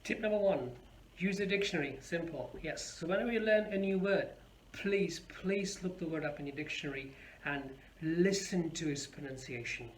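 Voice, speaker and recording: A man teaching pronunciation in a video lesson, patient and slow when he demonstrates words. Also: on the high side, music in the background. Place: Calgary area, teaching students.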